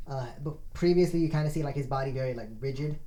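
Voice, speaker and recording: A man narrating as game master, halting and full of filler words. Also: mid-range voice, warm tone.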